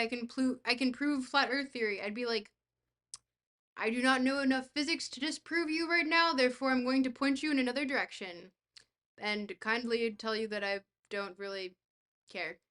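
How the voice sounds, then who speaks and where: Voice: sits high, fairly bright tone. Dry-joking streamer answering live chat. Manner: reads chat aloud and answers it. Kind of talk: casual livestream chat.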